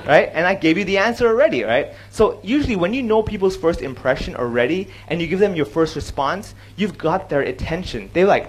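Male stand-up giving a talk, animated, high and very expressive pitch. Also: fast talker, hardly any pauses, a little hiss or hum, rough recording. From Hong Kong. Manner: animated, switches between English and Cantonese. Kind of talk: talk on comedy with joke examples. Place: stage before an audience.

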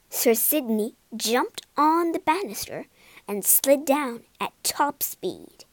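A woman narrating a children's storybook for learners, expressive and clear. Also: high-pitched, takes it slowly, dry recording.

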